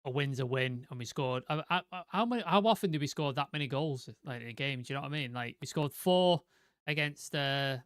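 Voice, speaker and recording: A man chats bluntly on a fan show, swearing freely as he makes his point. His voice is bright and crisp, a touch higher than most men's, and the recording is dry. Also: fairly quick, no echo. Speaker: co-host of a football fan show. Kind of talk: casual chat.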